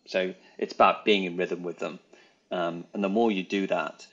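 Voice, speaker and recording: A man's voice: sits low, steady tone, moderate pace, a bit bright, highs cut off. A man co-hosting a business podcast, talking casually with plenty of hesitations. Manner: chatty, many ums and hesitations. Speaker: podcast co-host.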